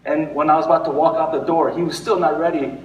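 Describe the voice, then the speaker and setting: A man's voice: fairly high pitch, level tone, fast, lo-fi sound, slight background noise. A male pastor giving a conversational sermon, rambling with restarts and fillers. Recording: echoey hall, recorded from far off.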